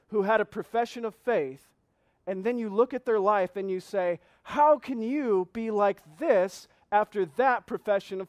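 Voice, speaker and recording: A man with a fairly high voice preaches a sermon, reading scripture slowly and repeating key phrases. He asks the congregation earnest questions in a dry, close-miked sound. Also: no echo. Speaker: pastor.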